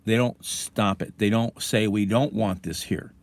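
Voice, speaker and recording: A man's voice: lowish voice, fairly even intonation, measured pace. A man hosting a casual livestream from his car, ranting angrily and swearing, then fumbling with his phone. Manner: angry, profane, ranting. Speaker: livestream host.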